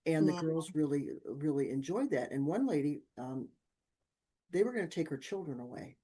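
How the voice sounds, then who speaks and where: A woman guest on an interview show, telling lively personal stories and acting out the people in them. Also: low voice, normal speed, slightly rough. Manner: lively anecdotes with acted-out quotes. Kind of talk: conversational storytelling.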